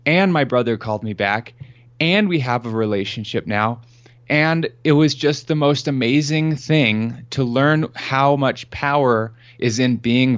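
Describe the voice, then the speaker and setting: A man's voice: mid-range voice, dull audio. A man as a podcast guest, earnestly telling a personal story and acting out the dialogue. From Colorado. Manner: earnest, animated storyteller who acts out quoted dialogue. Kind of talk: storytelling in an interview.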